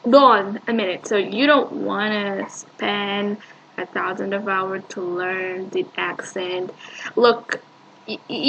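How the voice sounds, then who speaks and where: Slow, hesitant woman reacting to a video. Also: a little high, bright, forceful tone, a little hiss or hum, low-quality recording. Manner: hesitant, dismissive, many fillers. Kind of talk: casual reaction commentary.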